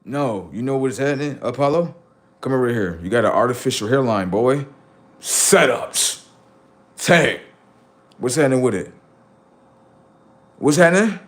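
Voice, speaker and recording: A man's voice: medium pitch, lively intonation, unhurried, pauses often. A young man live-streaming, doing brash, profane, mocking banter with his chat. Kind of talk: casual live-stream commentary.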